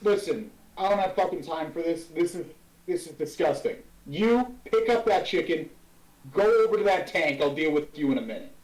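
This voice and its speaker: Man doing a swaggering crude devil boss, lively pitch, distant, echoey room. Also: moderate pace, natural voice. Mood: contemptuous. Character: brash, crude devil commander, arrogant.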